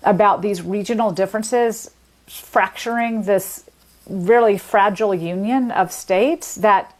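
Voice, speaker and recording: A woman guest explains in measured, thoughtful sentences, like an expert unpacking a topic in conversation. She pauses now and then with small fillers but keeps an even, mid-range voice throughout. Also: medium pitch. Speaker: linguist guest.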